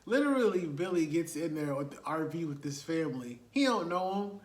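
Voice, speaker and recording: A man's voice: on the high side, expressive, brisk, echoey room. A man, casually retelling a movie plot with laughs and rhetorical asides. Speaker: movie reviewer.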